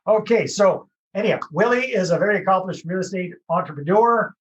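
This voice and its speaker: A man's voice: high-pitched, expressive, a little fast, highs cut off. Upbeat Canadian podcast host, man. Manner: upbeat, jokey, chatty. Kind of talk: casual interview chat.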